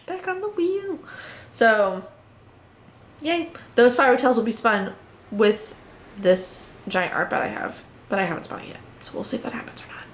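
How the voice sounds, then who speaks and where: A woman's voice: mid-range voice, a little fast, slight background noise. A woman hosting a knitting and spinning podcast, chatting casually and playfully as she shows her projects to viewers. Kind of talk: casual show-and-tell chat.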